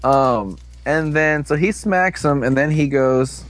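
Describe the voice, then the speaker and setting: A man giving an excited, casual recap of an episode, slipping into quick character voices. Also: fairly high pitch. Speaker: fan commentator.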